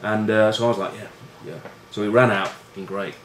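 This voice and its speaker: Ex rugby guy rambling and swearing, lowish voice, echoey room with a bit of hiss. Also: level tone, fast talker. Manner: swearing, self-deprecating, rambling with fillers. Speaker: former rugby player and pundit. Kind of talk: casual storytelling. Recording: roomy room echo with faint noise.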